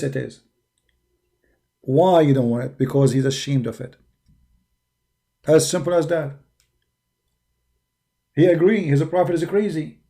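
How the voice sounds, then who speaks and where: Arabic-accented man, gravelly and dark-toned, emphatic debater who mocks his opponents. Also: fairly high pitch. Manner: combative, mocking, emphatic. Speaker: religious debater. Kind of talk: polemical monologue.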